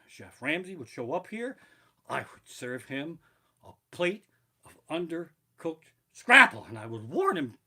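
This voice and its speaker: A comedian rambles through profane stories and checks his notes, his voice bright and fairly high. His pitch swings in a lively way. He streams from his living room on barebones equipment. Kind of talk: live-streamed storytelling stand-up. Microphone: barebones home streaming mic.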